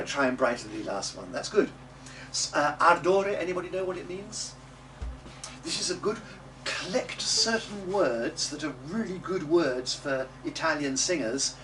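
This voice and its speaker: A man's voice: fairly high pitch, animated, fairly bright tone. Distant man coaching diction, noisy room. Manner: demonstrative, models words slowly for the group to repeat; chatty asides with little jokes. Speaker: early music teacher. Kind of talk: coaching a class in Italian diction. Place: classroom or rehearsal room.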